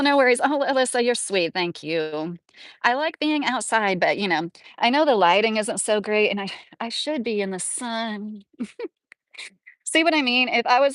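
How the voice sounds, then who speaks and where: A woman's voice: mid-range voice, fairly bright tone, no echo. A woman in her thirties with a Southern American accent, rambling casually to viewers during a live stream, full of fillers and chatting back to comments. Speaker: livestream host.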